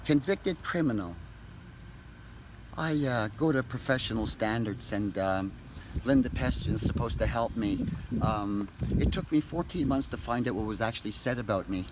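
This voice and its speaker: A man ranting angrily to camera, profane and accusatory, shouting at times. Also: mid-range voice, normal speed, background noise. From Canada. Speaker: vlogger. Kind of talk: angry direct-to-camera rant.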